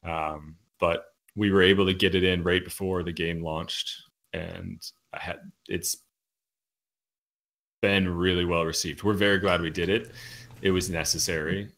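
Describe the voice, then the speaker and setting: A man, a game developer guest, speaking calmly and matter-of-factly in a casual interview. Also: deep voice, a little slow, vocal fry.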